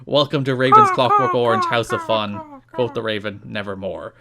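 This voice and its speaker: A man impersonating a brooding male wrestler, reciting a dark promo in a slow, solemn, overdramatic way. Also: medium pitch, expressive, creaky, over a noisy crowd, pitched below the performer's own voice.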